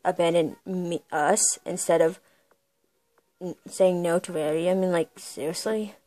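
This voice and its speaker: A woman voicing a fan-made cartoon drama, speaking slowly with drawn-out sighs. Her tone is mellow and soft-edged, and her pitch sits in the middle. Faint music plays behind her. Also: fairly even intonation. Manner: slow, sighing, dramatic. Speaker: fan voice actor.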